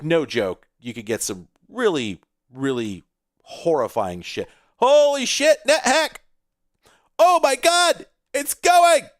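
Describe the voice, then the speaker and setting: Excitable profane man, very lively pitch. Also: no room sound, clean studio sound. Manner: excitable, rambling and profane, with sudden exclamations. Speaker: retro computing video host. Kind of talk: casual commentary while playing a computer game.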